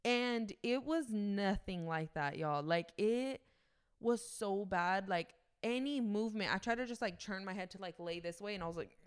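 A young woman co-hosting a podcast, talking loosely and swearing often. Her voice is smooth and resonant, at a middle pitch for a woman. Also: moderate pace. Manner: loose storytelling with frequent swearing. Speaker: podcast co-host. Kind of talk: casual chat.

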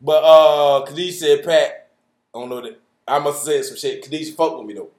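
A man with a fairly high voice co-hosts a podcast, talking profanely and emphatically and laughing easily. The room is roomy and echoey around him. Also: steady tone, fairly quick, darkish tone. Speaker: podcast co-host. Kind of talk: casual podcast banter. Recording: roomy echo.

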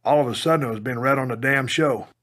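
A man from Texas narrating his own memoir as an audiobook, in a gruff, plainspoken storytelling way with some mild cursing. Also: medium pitch, quick pace. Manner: punches up quoted lines with loud bursts.

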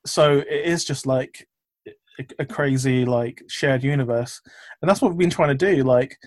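A man's voice: mid-range voice, moderate pace, dry recording. Rambling man in a casual interview. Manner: rambling, many fillers and restarts. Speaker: filmmaker guest.

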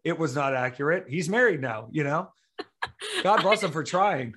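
Southern man, wrestler guest, storyteller who voices his quotes, a bit high. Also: fairly quick, a bit bright. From American South. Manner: chatty storyteller, acts out quotes. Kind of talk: casual chat.

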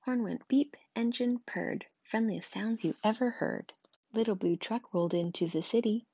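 A woman reading a rhyming picture book aloud with a lively, rhythmic delivery. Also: fairly high pitch, moderate pace, husky, soft background music. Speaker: storyteller. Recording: dull, muffled sound.

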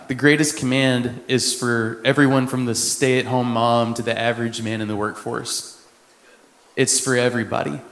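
A man from Texas, a missionary, preaching a sermon in a conversational way with quick asides. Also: medium pitch, gravelly, fairly bright tone. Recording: echoey hall with long reverb.

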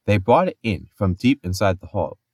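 Male podcast storyteller, lively delivery, deep, dry sound. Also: normal speed, dry recording. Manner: expressive storytelling with playful asides. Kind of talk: narrating myths.

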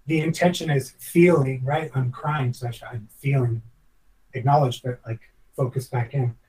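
A man's voice: mid-range voice, fairly even intonation, normal speed, dark tone, recorded from a distance, poor audio. A former chef, a man, telling a long personal story in a podcast interview, reflective and earnest, rambling with many restarts.

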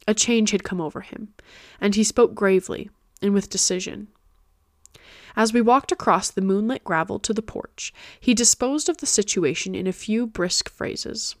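Woman, audiobook narration, steady reading, mid pitch, dry close sound. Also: moderate pace, no room sound. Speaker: podcast host and reader.

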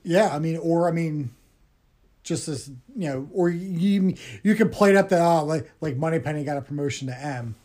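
A man's voice: a little high, normal speed, darkish tone. A man with a slightly raised voice talks casually with a friend about old films. He rambles, restarts sentences, and slips into quoting scenes. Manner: rambling, many restarts and quoted movie lines. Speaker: podcast co-host. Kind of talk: casual chat.

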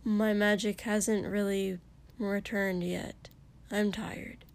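A woman reading the part of a tired, refined young man in a calm, quiet voice. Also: high-pitched, slow pace, vocal fry, clean tone, exaggerated voice. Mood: weary.

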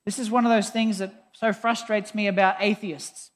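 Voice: mid-range voice, little pitch movement, moderate pace. Preacher in a long-echo hall. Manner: exasperated, emphatic, conversational. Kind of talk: sermon.

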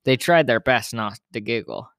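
A man reads a children's story aloud with steady, plain storybook pacing. His mid-pitched voice is recorded close and dry, with no room sound behind it. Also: normal speed, vocal fry, clear, resonant tone, no echo.

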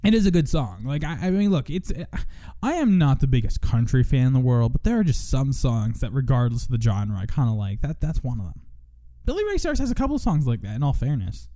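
A man's voice: mid-range voice, very animated, fairly quick, warm tone, no room sound. A young man hosting a radio show in casual chat, rambling and self-mocking, now and then breaking into joking country singing.

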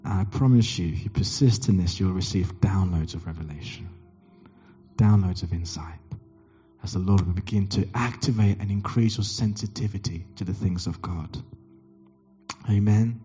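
Animated preaching man, muffled church recording. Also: normal speed, soft background music. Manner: animated, acts out dialogue with big pitch jumps. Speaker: pastor. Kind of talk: sermon with storytelling.

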